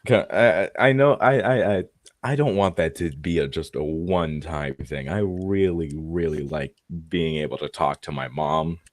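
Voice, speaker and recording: A man with a very low voice chats casually among friends, stammering, restarting and cursing as he rambles. His mic is close and the sound dry. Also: normal speed, dry recording. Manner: rambling, stammering, swears and laughs. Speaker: player. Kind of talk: casual chat.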